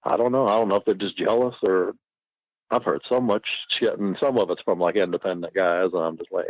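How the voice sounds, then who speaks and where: A man's voice: sits low, steady tone, fast, no room sound. Brief: male podcast guest, loose profane rambler who laughs a lot, dry close sound. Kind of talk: casual storytelling. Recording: dull lo-fi recording.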